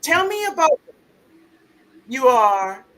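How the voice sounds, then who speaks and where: A woman hosts a casual live stream. She talks slowly and with a lively, up-and-down voice. She greets viewers one by one and laughs often. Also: high-pitched, over a noisy crowd.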